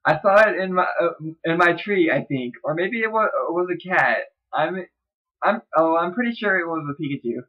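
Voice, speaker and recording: A man's voice: a little high, lively intonation, moderate pace, lo-fi sound, pitched above the performer's own voice. A man putting on a girlish voice to play a ditzy young fangirl chatting with a stranger online. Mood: giddy.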